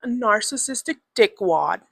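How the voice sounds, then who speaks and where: A woman's voice: medium pitch, expressive, moderate pace, gravelly, a bit bright, dry recording. A young woman in her twenties hosting a podcast, talking candidly in a loose, chatty monologue full of swearing and filler words. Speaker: podcast host. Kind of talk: casual personal monologue.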